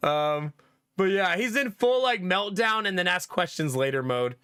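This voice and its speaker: A young man streaming, retelling everyday family moments in a loose, laughing, animated way. His voice sits high and sounds bright. The sound is close and dry, with no room around it. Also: moderate pace, smooth, no room sound. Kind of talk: casual storytelling to live chat.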